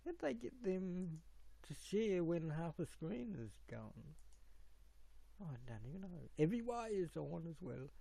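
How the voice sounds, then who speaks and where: A man's voice: sits high, very animated, measured pace, creaky, warm tone. A middle-aged man, rambling on a live stream while he fiddles with his stream settings. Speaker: livestream host.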